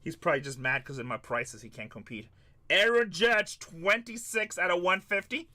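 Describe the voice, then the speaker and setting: A man's voice: on the high side, big pitch swings, fairly quick, pushed and bright. A man hosting a live card-breaking stream, tired, chatting loosely and joking back at viewers' comments. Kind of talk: casual livestream chat to viewers.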